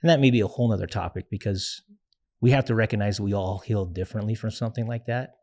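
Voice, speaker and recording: As a guest in an interview, a young man tells his story in a steady, lowish voice. He's earnest and reflective, pausing frequently and filling the gaps with fillers.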